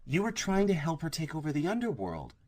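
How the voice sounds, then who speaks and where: A man's voice: mid-range voice, lively intonation, moderate pace, voice pushed up, lightly acted. A man voicing a fierce young woman who questions sharply and confronts. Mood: accusing.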